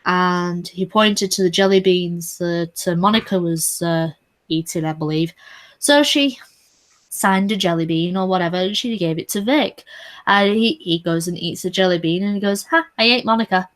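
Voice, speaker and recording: A woman with a fairly low voice talks casually on a livestream. She states her opinions firmly and plainly, and keeps the same steady tone as she explains. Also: moderate pace. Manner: firm, opinionated commentary.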